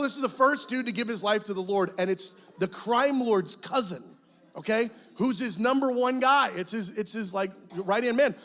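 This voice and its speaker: High-voiced man preaching an animated testimony. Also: normal speed. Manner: animated storytelling, bursts into excited shouted quotes. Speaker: guest pastor. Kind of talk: testimony sermon.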